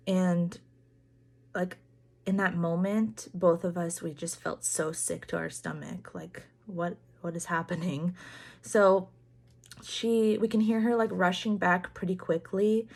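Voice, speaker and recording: A woman's voice: on the low side, fairly even intonation, creaky, a little mellow. Earnest young woman telling a story. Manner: earnest, halting retelling full of "like" and "um"; acts out others' lines in quoted dialogue. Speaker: parent telling a family story. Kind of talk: personal storytelling vlog.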